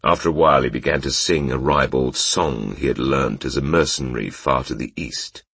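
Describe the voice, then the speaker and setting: A man narrating a fantasy story in a measured, unhurried way. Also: very deep voice, vocal fry, fairly bright tone, breathy edge, dry recording. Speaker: audiobook narrator.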